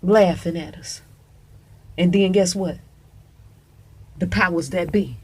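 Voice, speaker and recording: Husky woman ranting emphatically. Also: on the low side, slow pace, a little mellow. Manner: emphatic, profane, calls listener "honey". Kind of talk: casual monologue to camera.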